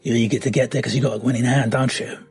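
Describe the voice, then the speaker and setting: A man's voice: medium pitch, steady tone, rapid-fire, darkish tone, husky. A man playing a tabletop game in character, easygoing and chatty. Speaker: tabletop player. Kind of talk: casual in-character play.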